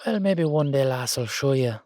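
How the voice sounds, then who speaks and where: A man's voice: medium pitch, expressive, normal speed, a little mellow, no room sound, lightly acted. A man voicing a wary older Irish uncle, a retired safecracker, with a sly, teasing drawl. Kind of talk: audio drama acting.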